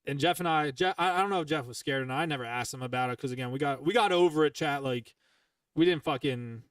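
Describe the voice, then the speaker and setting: A man's voice: on the high side, quick pace, fairly bright tone, dry recording, recorded from a distance. Swearing man telling a heated story. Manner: profane, heated, rambling with restarts. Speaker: podcast host. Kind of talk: casual storytelling chat.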